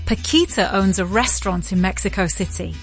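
A woman's voice: mid-range voice, a little fast, soft background music. Woman narrating a documentary story. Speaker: podcast narrator. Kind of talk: scripted narration.

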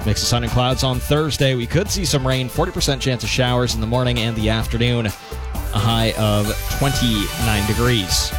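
A man's voice: mid-range voice, fairly even intonation, moderate pace, over music. Easygoing male radio co-host. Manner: easygoing, laughs readily. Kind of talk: radio banter and weather and traffic reads.

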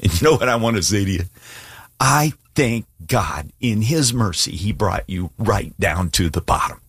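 Deep husky-voiced preacher, a man. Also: expressive, moderate pace, a bit bright, no echo, studio quality. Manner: earnest, emphatic, plain-spoken with casual asides. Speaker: pastor. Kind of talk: sermon with altar call.

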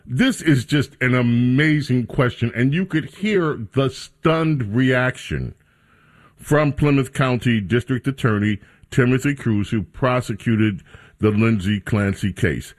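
A man's voice: medium pitch, takes it slowly. A man hosting a talk radio show, introducing clips and guests in a casual, rambling way. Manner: sarcastic, mocking reporters in a raised voice.

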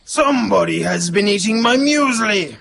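A woman voicing a big, gruff papa koala who bellows in a growly voice. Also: mid-range voice, animated, a bit bright, a little hiss or hum, pitched above the performer's own voice. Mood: indignant. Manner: bellowing, slow and gravelly.

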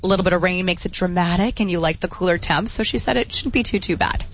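Female weather presenter, easygoing and friendly, lowish voice, slightly muffled radio sound. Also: fast. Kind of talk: casual weather report and banter.

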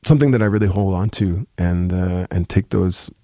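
Deep gravelly man, thoughtful and halting. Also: mellow, no echo, studio quality. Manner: thoughtful, halting, many restarts. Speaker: musician guest. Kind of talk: casual interview talk.

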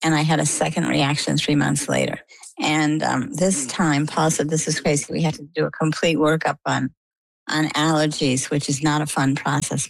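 A woman's voice: deep voice, gravelly, dry recording, low-quality recording. A middle-aged woman from Maine, telling her own story as an interview guest and acting out what others said to her. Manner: lively storyteller, acts out quoted dialogue.

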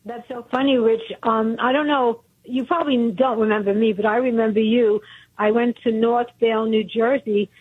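A woman's voice: fairly high pitch, steady tone, moderate pace, husky. A woman from Brooklyn with a Brooklyn accent, calling in to a radio show, chatty and earnest. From Brooklyn, New York. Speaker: caller. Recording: tinny phone line.

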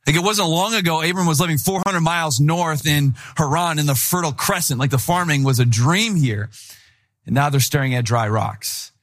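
A young adult man, a pastor, preaching a sermon in a lively, conversational storytelling way. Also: a little high, normal speed.

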